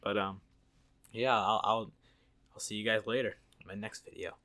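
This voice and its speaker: A man's voice: lowish voice, fairly even intonation, normal speed, sharp tone. A man telling a story in a casual vlog, rambling, swearing and laughing as he goes. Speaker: YouTube storyteller.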